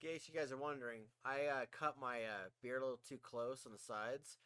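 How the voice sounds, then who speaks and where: Bright-voiced man telling rambling stories. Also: medium pitch, brisk, clear, resonant tone, no room sound. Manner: laughs often, swears casually, rambling storyteller. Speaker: podcast co-host. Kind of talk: casual chat.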